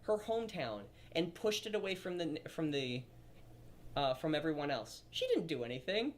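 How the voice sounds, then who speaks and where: A man's voice: on the high side, sing-song, normal speed, slight background noise. A man giving opinionated video commentary, rambling and stumbling over his words.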